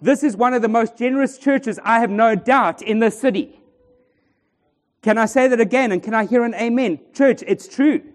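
A man's voice: very high-pitched, normal speed. A man preaching a sermon in a church, joking and bantering with the congregation. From South Africa. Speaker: pastor. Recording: long church reverb.

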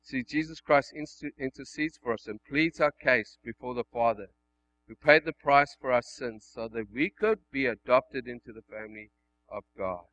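A male pastor delivering a sermon, swinging between loud emphatic passages and hushed, quiet ones. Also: mid-range voice, moderate pace, highs cut off.

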